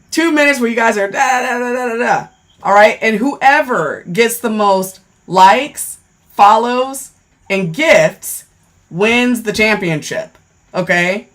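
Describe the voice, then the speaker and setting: Slow, easygoing live contest host. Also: medium pitch, a bit bright. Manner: easygoing, repeats "all right" and "okay". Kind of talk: live stream hosting.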